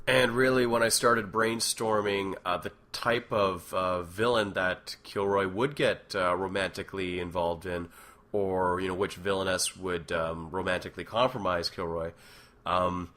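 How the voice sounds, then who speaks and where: A man's voice: low-pitched, pushed and bright. A man talking casually about making his web series, rambling with many fillers and restarts. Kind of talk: casual commentary.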